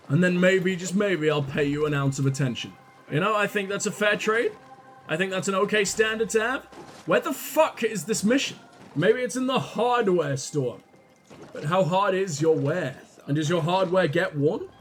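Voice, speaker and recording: A young man giving crude, joking commentary while playing a video game, laughing often and shouting now and then. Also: high-pitched. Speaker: gaming video host. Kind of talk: let's play commentary.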